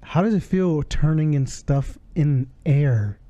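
A man's voice: fairly high pitch, slow, dark tone. Laid-back man asking questions. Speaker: podcast co-host. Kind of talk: casual chat.

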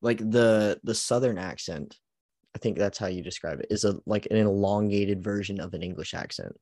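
A man's voice: lowish voice, normal speed, darkish tone, dry recording, studio quality. A man co-hosting a podcast in casual chat, laughing often and leaning on "like". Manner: laughs often, heavy use of "like". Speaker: podcast co-host.

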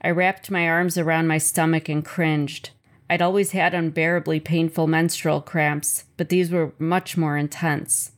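Earnest woman reading her own memoir. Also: low voice. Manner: measured, earnest first-person reading.

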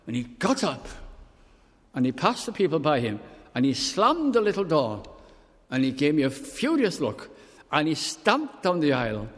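Older guy preaching, storytelling sermon, slow scripture quotes, big echoey hall. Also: on the high side. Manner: storytelling, warm pauses, quotes scripture slowly. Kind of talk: sermon with personal stories.

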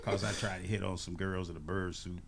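A man in his sixties telling lively, laughing stories as a guest on a radio morning show, acting out voices as he goes. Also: low-pitched, fairly quick, gravelly, noisy background. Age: 60s. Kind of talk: casual storytelling on a radio show.

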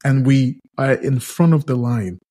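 A man co-hosting a podcast in casual chat, telling stories in a teasing, animated way. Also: mid-range voice, unhurried. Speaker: podcast co-host.

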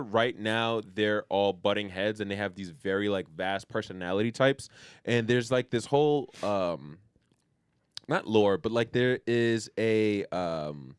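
A man's voice: fairly low pitch, smooth, dry recording, clean studio sound. A man co-hosting a podcast, talking loosely with lots of slang, fillers and swearing. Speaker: podcast co-host. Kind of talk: casual chat.

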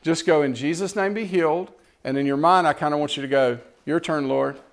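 A man preaching a sermon, swinging between loud exhortation and quiet storytelling. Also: fairly high pitch, brisk. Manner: animated, rising to loud exhortation and dropping to quiet, tender storytelling.

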